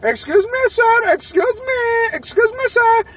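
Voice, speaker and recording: A man putting on the voice of a fussy fast-food worker who shouts the rules in a high, drawn-out, scolding tone. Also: animated, exaggerated voice.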